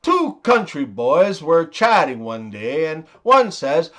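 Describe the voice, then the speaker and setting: A man in his forties narrating a string of jokes in an unhurried way. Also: mid-range voice, very animated, fairly bright tone. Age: 40s. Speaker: joke teller. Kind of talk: narrated joke compilation.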